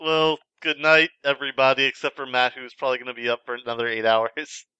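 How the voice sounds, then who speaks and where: A man's voice: mid-range voice, little pitch movement, quick pace, bright, forceful tone, smooth, dry recording, lo-fi sound. A man co-hosting a podcast, chatting casually in a wry, teasing way. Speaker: podcast co-host. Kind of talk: casual chat.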